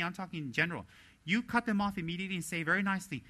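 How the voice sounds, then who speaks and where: A man giving a dharma teaching as a Buddhist teacher, animated and blunt, often slipping into mimicry of other people. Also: high voice, fast talker.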